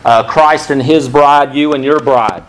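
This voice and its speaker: A man's voice: mid-range voice, fairly even intonation, measured pace, rough recording. A man giving a sermon to men about marriage, teaching from a diagram and asking his listeners direct questions in a conversational preaching manner. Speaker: pastor.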